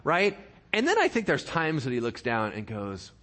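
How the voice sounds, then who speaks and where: A man's voice: mid-range voice, wildly swooping pitch, moderate pace, noisy background. A male pastor preaching a sermon, reading scripture aloud with dramatic emphasis and tossing playful asides to the congregation.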